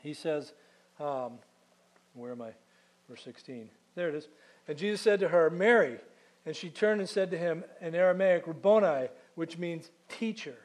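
A man preaching a sermon conversationally, asking rhetorical questions and slowing down to read scripture aloud. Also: fairly high pitch, a little mellow.

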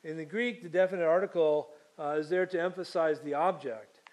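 A man's voice: a little high, a little fast, a little mellow. A man preaching a sermon, reading scripture aloud and then teaching it with frequent fillers and restarts. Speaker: pastor.

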